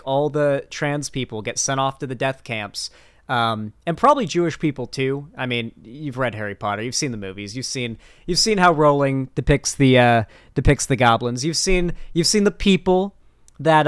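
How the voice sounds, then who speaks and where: A man's voice: mid-range voice, clean tone, dry recording, studio quality. A young man hosting a political commentary channel, talking in a blunt, mocking, profane manner. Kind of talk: casual online commentary.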